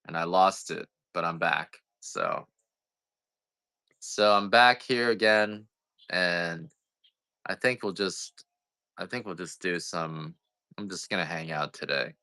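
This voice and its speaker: A man's voice: deep voice, takes it slowly, pauses often, sharp tone, clean tone, no echo. A man selling coffee on a livestream, chatting casually in a rambling, self-deprecating, joking way. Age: adult parent.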